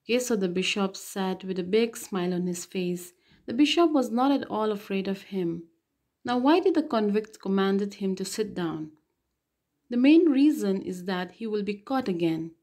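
A woman's voice: mid-range voice, animated, normal speed, mellow. A woman teacher explaining and reading a play aloud to her students, with frequent okay and so. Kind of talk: literature lesson reading a play.

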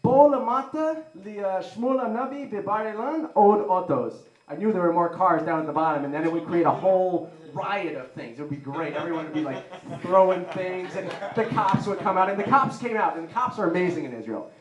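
Male stand-up comic, rambling excitable delivery, bright high voice, roomy live recording. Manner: rambling, excitable, heavy use of "like". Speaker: stand-up comedian. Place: live comedy venue with an audience. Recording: roomy echoey live room.

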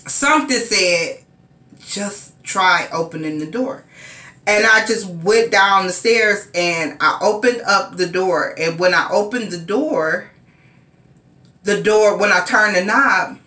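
A woman telling a personal story in casual vlog style, sometimes acting out frantic cries in a high voice. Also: sharp tone. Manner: emotional retelling, acts out frantic cries in high pitch. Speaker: vlogger. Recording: echoey room.

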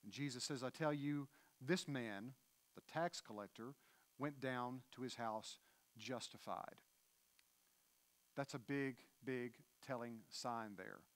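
A man's voice: medium pitch, takes it slowly. Earnest male pastor preaching. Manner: earnest preaching, reading scripture aloud. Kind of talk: sermon. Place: church.

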